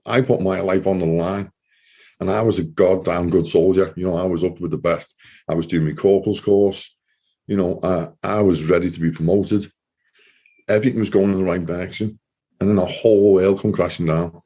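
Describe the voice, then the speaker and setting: A low-pitched man telling his own story as an interview guest. His voice is mellow and dark, and he speaks in earnest, halting runs, often repeating himself as he goes. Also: steady tone, husky. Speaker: guest, former soldier. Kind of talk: personal testimony in an interview.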